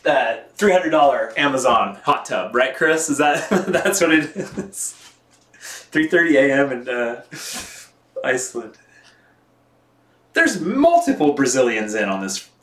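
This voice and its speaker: A chatty man from the United States with an everyday mid-range voice, laughing easily as he reads out viewer comments on a live stream. The sound is roomy, with a clear echo around him. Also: mid-range voice, a bit bright. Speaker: mountain bike vlogger washing his bike on a live stream. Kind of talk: casual live-stream chat.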